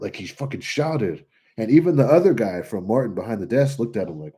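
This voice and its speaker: Speaking fairly quickly in a lowish, husky voice, a young California man answers viewer comments as a trucker vlogger. The livestream talk is casual, and his storytelling is lively, blunt, and full of swearing.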